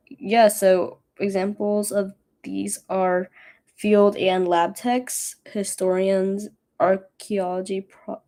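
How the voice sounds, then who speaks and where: A woman's voice: medium pitch, mellow. A young woman, a college student, rambling casually on her study stream with self-mocking asides. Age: young adult.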